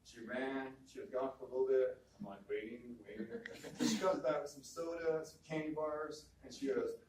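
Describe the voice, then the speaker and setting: A man telling a personal story in a relaxed, conversational way, often repeating words and quoting other people. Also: mid-range voice, moderate pace, slight background noise. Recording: echoey room from a distance, faint ambience.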